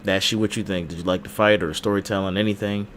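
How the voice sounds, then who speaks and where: Fast-talking man hosting a casual chat. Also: on the low side, fairly even intonation, a bit bright, slight background noise. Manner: runs the segment, moving the talk along. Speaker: podcast host.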